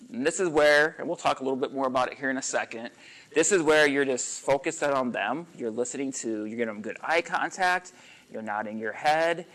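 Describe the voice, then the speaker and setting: Animated man teaching a small group. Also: a little high, low-quality recording. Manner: animated and conversational, acts out sample lines, frequent fillers. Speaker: coach teaching a workshop on listening. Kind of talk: casual live teaching talk.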